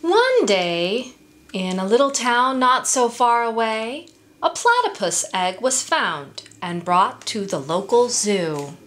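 A woman reading a picture book aloud to children, in an expressive, sing-song way, pausing to ask her listeners questions. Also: fairly high pitch. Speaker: story time reader.

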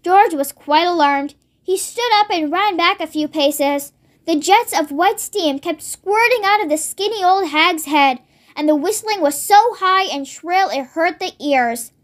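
A child reading a storybook aloud in steady narration. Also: very high voice, unhurried. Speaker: storybook reader.

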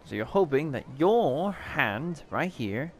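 A man giving casual commentary while playing a casino card game, excitable, laughing and swearing as he wins and loses. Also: a little high, slow, a little hiss or hum. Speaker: gameplay video creator.

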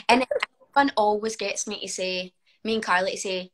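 A woman in her twenties with a Scottish accent, a footballer chatting casually on a livestream, animated and full of "like". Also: mid-range voice, a little fast, low-quality recording. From Scotland. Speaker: guest footballer.

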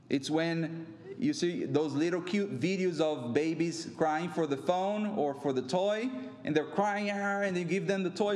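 A middle-aged pastor preaches slowly in a conversational way, drifting into anecdotes and little acted-out voices. His voice sits high for a man. The sound rings around an echoey church hall. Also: darkish tone. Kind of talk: sermon. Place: church sanctuary.

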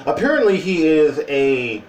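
A man's voice: a little high, sing-song, measured pace, a little mellow, roomy sound, far from the mic, poor audio. A man talking casually in a joking opinion vlog, with playful asides and put-on voices. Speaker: vlogger.

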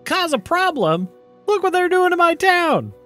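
A man's voice: very high voice, very animated, moderate pace, a bit bright, faint music behind, pitched above the performer's own voice, heavily acted. A man voicing an indignant male gnome who leads a town, protesting and demanding in a rising voice. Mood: outraged.

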